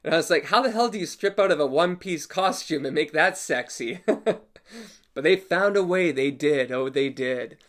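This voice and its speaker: Animated man telling a bar story. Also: a little high, normal speed. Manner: animated, laughs often, swears casually. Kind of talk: casual personal storytelling.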